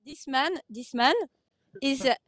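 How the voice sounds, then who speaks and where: A woman with a French accent joins the dock walk, her high voice soft and a touch hesitant. The sound is close and dry. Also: unhurried, dry recording. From France. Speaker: co-host. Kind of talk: casual chat.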